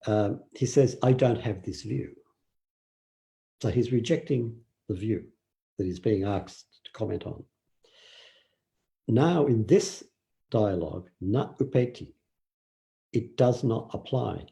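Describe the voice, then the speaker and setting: Gravelly, dark-voiced older male teacher. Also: fairly low pitch, slow pace, pauses often. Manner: relaxed storytelling with fillers and acted quotes. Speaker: meditation teacher. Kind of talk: dharma talk.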